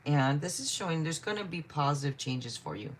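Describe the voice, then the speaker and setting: A woman who reads tarot hosts a livestream, reading viewer questions in casual chat, greeting people by name and apologizing often. Her voice is low with lively intonation, a little fast, with a slight hiss or hum.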